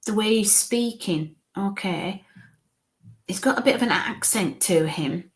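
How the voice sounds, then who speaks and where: A woman medium gives a live reading in an average-pitched voice. She speaks in halting, restarting bits. She keeps slipping into soft, coaxing murmurs.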